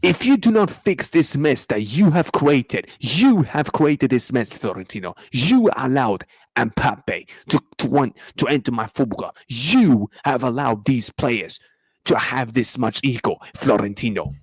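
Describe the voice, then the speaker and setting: A man's voice: medium pitch, lively intonation, a little slow, slightly rough, no echo. A man hosting a live football reaction stream, ranting and swearing in heavy street slang. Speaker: host. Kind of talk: angry live match reaction.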